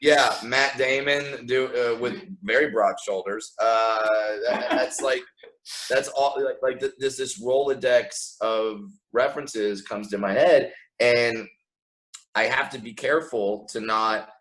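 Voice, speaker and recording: An American man chatting on a podcast in a mid-pitched voice. He talks in lively, stop-start bursts and slips into quick voices for other people. His speech comes in over a video call. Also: rough recording. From United States. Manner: animated, acts out quoted voices, frequent restarts. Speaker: guest comedian. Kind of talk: casual podcast conversation.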